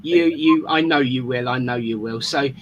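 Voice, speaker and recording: A man's voice: medium pitch, normal speed, lo-fi sound, a little hiss or hum. A man hosting an online spiritualist service, chatty and affectionate, often restarting his sentences.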